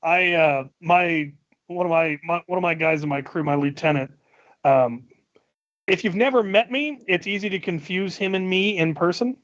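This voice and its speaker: A man's voice: high-pitched, moderate pace, fairly bright tone, dry recording. A man hosting a podcast, chatting casually with easygoing, self-mocking, snarky humor. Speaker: podcast host. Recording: dull lo-fi sound.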